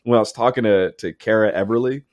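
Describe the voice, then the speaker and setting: A man's voice: fast talker, dry recording, muffled recording. A man co-hosting a casual chat, telling a story with lots of "like" and "whatnot", acting out quoted lines with big jumps in his voice. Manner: animated, acts out quotes with big pitch jumps and laughs; heavy use of "like" and "and whatnot". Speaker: podcast co-host.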